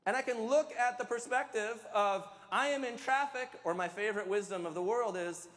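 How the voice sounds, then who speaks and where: Male pastor, high voice, casual emphatic sermon, self-mocking humor, long hall echo. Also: normal speed, fairly bright tone. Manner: emphatic, conversational preaching with self-deprecating humor.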